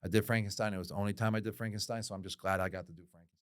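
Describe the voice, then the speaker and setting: A man's voice: fairly low pitch, steady tone, racing, no room sound, studio quality. A man in his thirties co-hosting a casual talk show, loose and repetitive, laughing often. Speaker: podcast co-host. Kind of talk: casual chat.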